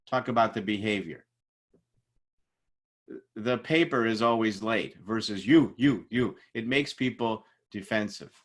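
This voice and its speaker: A middle-aged man teaching a class in a casual lecture style, telling workplace stories and acting out the people in them. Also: medium pitch. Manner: animated storytelling, acts out quoted people. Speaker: instructor. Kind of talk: informal lecture with anecdotes.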